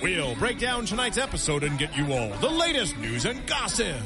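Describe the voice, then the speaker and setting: A man's voice: high-pitched, big pitch swings, normal speed. A man announcing a show intro in a showy announcer style. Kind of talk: promo announcement. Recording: music bed under the voice. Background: music.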